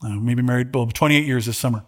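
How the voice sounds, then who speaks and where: A middle-aged man preaching a sermon, earnest and halting, holding back tears, his voice lifting when he reads scripture aloud. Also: mid-range voice. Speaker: pastor.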